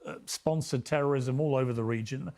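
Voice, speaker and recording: A man giving measured political commentary as a news panel guest, building a steady, serious argument. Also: medium pitch. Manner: deliberate, grave, steady argument.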